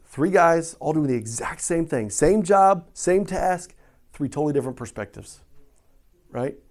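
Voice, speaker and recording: Conversational preacher, slightly high-voiced man. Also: lively intonation, a little slow, a little mellow. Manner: conversational, asks questions and tags lines with "right?". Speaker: pastor. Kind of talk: sermon.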